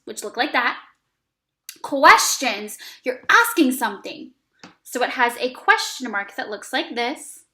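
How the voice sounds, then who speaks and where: A woman teaching an early reading lesson to young children, speaking slowly and encouragingly with plenty of praise. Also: high voice, pushed and bright, echoey room. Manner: slow, exaggerated, encouraging teacher talk with praise.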